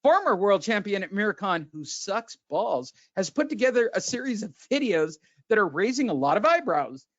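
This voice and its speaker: A man's voice: high-pitched, sing-song, normal speed, hardly any pauses, fairly bright tone, no room sound. A man hosting a boxing podcast, ranting sarcastically with lots of swearing. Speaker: podcast host. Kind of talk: profane casual boxing chat. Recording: dull lo-fi sound.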